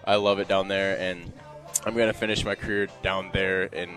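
A man in his twenties, a volunteer assistant coach, answering interview questions in a halting, rambling way. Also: sits low, little pitch movement, a bit bright, faint music behind. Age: 20s. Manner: halting, full of fillers and restarts. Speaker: guest, former player and volunteer assistant coach. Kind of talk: radio interview.

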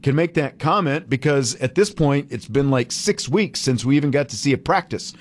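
A man hosting sports talk radio, animated and a little sarcastic, rambling through his points. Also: mid-range voice, normal speed.

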